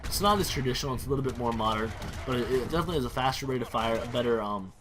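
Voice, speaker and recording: A man giving rambling, excitable let's-play commentary over a strategy game, often correcting himself and swearing casually. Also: mid-range voice, racing, noisy background. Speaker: gaming YouTuber.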